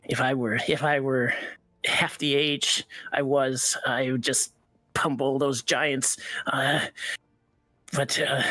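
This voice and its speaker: A man's voice: mid-range voice, level tone, slow pace, sharp tone, no echo. A man voicing an ancient, small male goblin town master who stammers and mutters nervously. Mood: wistful.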